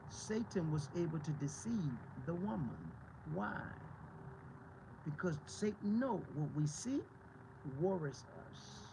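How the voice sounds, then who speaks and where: A man's voice: high-pitched, vocal fry, background noise. A male pastor preaching a fiery, combative sermon, swearing freely and firing off rhetorical questions again and again.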